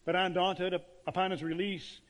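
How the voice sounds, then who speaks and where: Brief: male pastor preaching, fairly high voice, long church reverb. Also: flat delivery, fairly bright tone. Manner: emphatic preaching with dramatic pauses. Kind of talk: sermon.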